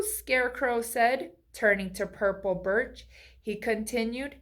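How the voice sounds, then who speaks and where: A woman's voice: on the high side, steady tone, unhurried. A woman reading a children's picture book aloud, asking the listener friendly questions along the way. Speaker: storybook reader.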